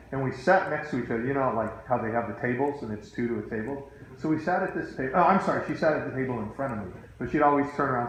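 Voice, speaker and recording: A middle-aged man, a teacher and coach, telling a story to his students in a casual, animated way full of asides. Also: mid-range voice, slight background noise. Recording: very echoey room.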